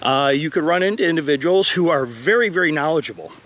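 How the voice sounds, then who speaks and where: A man's voice: on the high side, animated, fast, fairly bright tone, lo-fi sound, slight background noise. Slightly winded man teaching on a trail walk. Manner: earnest, encouraging, with fillers. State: a little out of breath. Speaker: college instructor. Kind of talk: walking vlog talk. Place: outdoor wooded path.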